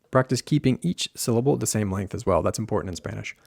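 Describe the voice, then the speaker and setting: Male pronunciation coach, low voice, dry close mic, patient demonstrating delivery. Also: a little mellow, no room sound. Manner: slow, demonstrating sounds carefully. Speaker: pronunciation teacher. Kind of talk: instructional video lesson.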